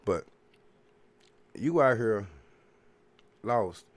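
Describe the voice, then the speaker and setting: A man's voice: fairly low pitch, expressive, extremely slow. A man hosting a podcast, rambling through a casual, profane, preachy monologue full of repeated filler phrases. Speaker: podcast host.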